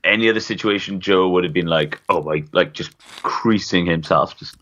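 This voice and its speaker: A man's voice: low-pitched, moderate pace, a bit bright, lo-fi sound. A man co-hosting a podcast, laid-back and hesitant, with many fillers. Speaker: podcast co-host. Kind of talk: casual podcast chat.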